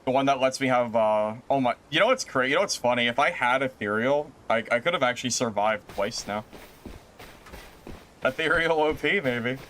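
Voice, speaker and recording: A man streaming a game live, chatting with viewers in an animated, exasperated way with sudden exclamations. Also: slight background noise. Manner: animated and exasperated, quick exclamations with big pitch jumps. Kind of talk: live gameplay stream chat.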